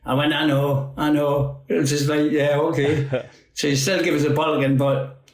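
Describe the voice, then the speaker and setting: Man, Geordie accent, 50s, rambling anecdotes, higher pitch, echoey room. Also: flat delivery, normal speed. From North East England. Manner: laughing, rambling anecdotes with acted quotes. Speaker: guest footballer. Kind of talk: storytelling anecdotes.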